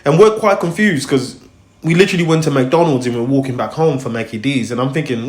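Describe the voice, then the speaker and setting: This time the young host, Congo-born, American-raised and UK-based, moves at a brisk clip. In an echoey room, his mid-pitched storytelling chat rambles along animatedly, with voices acted out and heavy slang fillers.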